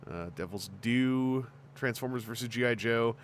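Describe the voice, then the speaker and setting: A man hosting a casual podcast chat, talking in a chatty, lively way with plenty of fillers. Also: mid-range voice, normal speed. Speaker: host.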